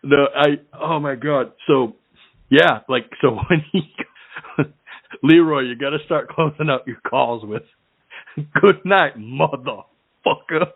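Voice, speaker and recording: A man's voice: medium pitch, a little slow, dry recording. A man hosting a casual call-in radio show, rambling through crude jokes and laughing often. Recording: tinny phone-like line.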